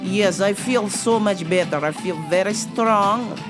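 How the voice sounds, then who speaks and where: A woman voicing a woman customer who speaks halting broken English. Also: mid-range voice, over loud music, close to an everyday voice. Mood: boastful. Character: foreign woman customer boasting of testosterone.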